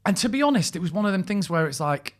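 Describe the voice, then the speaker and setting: Man, podcast co-host, quick storyteller with a laugh. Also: high voice, sing-song. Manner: storytelling, laughs often, mimics people he quotes. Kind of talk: casual chat.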